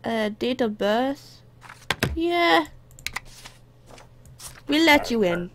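A woman's voice: a little high, big pitch swings, drawn-out words, noisy background. A woman casually commenting on her gameplay, talking to the characters and slipping into playful put-on accents. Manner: talks to game characters as a border guard. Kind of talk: casual let's play commentary.

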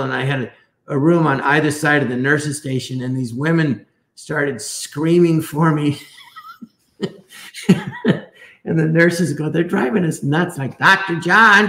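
A man tells a story in a loose, rambling way and keeps breaking off and restarting his sentences. His voice sits a little high for a man. The sound carries a clear echo, as if he is in a bare room. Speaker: guest. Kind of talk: casual storytelling. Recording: echoey room.

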